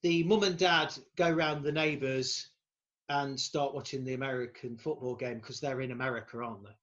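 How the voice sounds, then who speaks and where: A man's voice: mid-range voice, steady tone, normal speed, fairly bright tone. Male podcast co-host, laughing and sweary, dull lo-fi audio. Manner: sweary, laughing, recounts plot in detail. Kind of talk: casual chat recapping a film.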